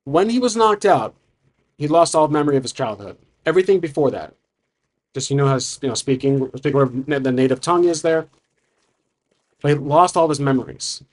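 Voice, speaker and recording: A man narrating his solo tabletop game, thinking aloud with frequent restarts. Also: on the high side. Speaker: solo game master and player.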